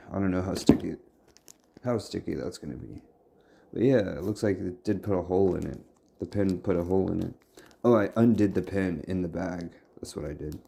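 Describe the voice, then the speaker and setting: A man's voice: low voice, gravelly, dark tone, a little hiss or hum. A man vlogging casually from his home workshop, rambling and muttering to himself as he sorts and labels things. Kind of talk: casual talk to camera.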